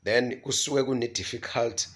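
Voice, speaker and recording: A man's voice: medium pitch, fairly even intonation, moderate pace, fairly bright tone. A man teaching from the Bible, often stumbling and repeating syllables as he mixes in English words. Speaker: preacher.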